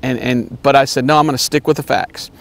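Gravelly-voiced earnest man preaching. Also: steady tone, brisk. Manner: earnest, repeats himself, mocks name-callers in a high voice. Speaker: evangelist preacher. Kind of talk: sermon.

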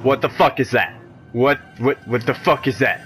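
A man's voice: medium pitch, moderate pace, a bit bright, faint music behind. A man giving let's-play commentary on a horror game, jumpy and nervous, swearing a lot and talking to himself in nervous rambles. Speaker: video game player.

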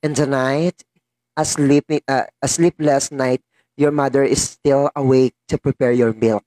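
A Filipino-accented woman vlogging in casual chat, tearful and emotional, talking haltingly and laughing through her tears. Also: very deep voice, steady tone, warm tone, dry recording.

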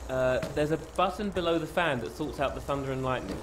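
Fretful backstage stage manager voiced by a man, fussy and apologetic, roomy sound with steady ambient noise. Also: a little high, a little fast, lightly acted. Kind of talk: video game voice acting. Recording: roomy game audio with ambience.

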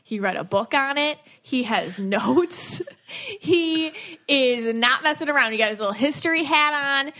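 A woman's voice: sits high, animated, a little slow, bright, forceful tone. A woman hosting a podcast in casual chat, playful and chatty, laughing often. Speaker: podcast host.

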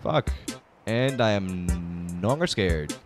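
Young male streamer, excitable and tired, lively pitch, faint game music behind. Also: takes it slowly. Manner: excitable, swings between mumbling and shouting. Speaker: gaming streamer. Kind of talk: live-streamed gameplay commentary.

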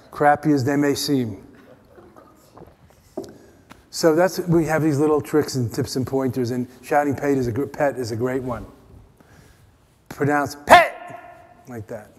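American guy leading a retreat talk, jokey then hushed, echoey hall. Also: a little high, a little slow, pauses often, a little hiss or hum. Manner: playful, teasing, drops to soft quiet tones. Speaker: meditation teacher. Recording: long hall reverb.

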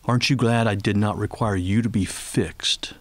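Middle-aged man, low voice, earnest radio guest, dry studio sound. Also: steady tone, dry recording. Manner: earnest, slow and tender when praying aloud. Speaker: ministry leader and guest. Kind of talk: faith radio interview.

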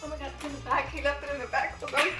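A sick, out-of-breath woman chatting excitedly in a beauty vlog, coughing and sighing. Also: sits high, very fast. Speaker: beauty vlogger. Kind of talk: casual vlog chat. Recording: echoey room with background music.

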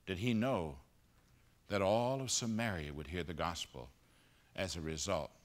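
A man preaching a sermon at a conference, moving between loud emphatic peaks and hushed low passages. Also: measured pace. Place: conference auditorium.

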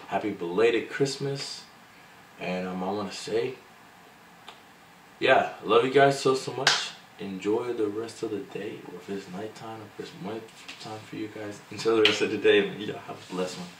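Halting, slangy young-sounding man vlogging. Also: fairly low pitch. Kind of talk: casual heartfelt vlog talk. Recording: echoey room, mic at a distance, faint background noise.

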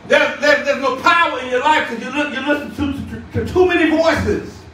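Man, shouted sermon, bright tone, faint room ambience. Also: very high-pitched, moderate pace, slight background noise. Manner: shouting, call-and-response preaching. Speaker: bishop. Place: church sanctuary. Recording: echoey church room, distant mic.

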